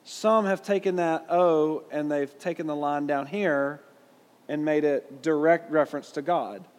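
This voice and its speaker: A man's voice: on the high side, steady tone, a little slow, a little mellow, long reverb tail. A man with a Southern US accent teaching a Bible class in a conversational way, putting questions to his listeners. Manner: conversational, asks the audience questions.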